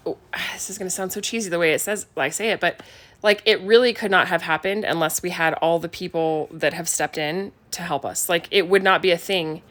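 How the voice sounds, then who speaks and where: A woman with a slightly low voice co-hosts a podcast from her couch at home. She talks in a chatty, relaxed way and laughs often. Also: a little fast. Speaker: podcast co-host, stay-at-home parent. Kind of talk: casual chat. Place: home living room couch.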